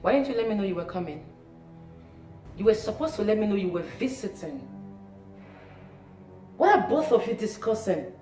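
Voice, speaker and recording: An actress playing a jealous, haughty young fiancée with a cold, accusing manner. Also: female voice, medium pitch, very animated, moderate pace, long pauses, lightly acted. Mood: insulting. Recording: echoey room, mic far off, soft music.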